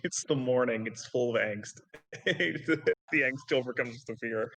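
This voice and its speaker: A man's voice: medium pitch, a little slow, fairly bright tone, poor audio. A man playing a tabletop role-playing game who banters in character, blunt and sardonic, lecturing the others. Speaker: player.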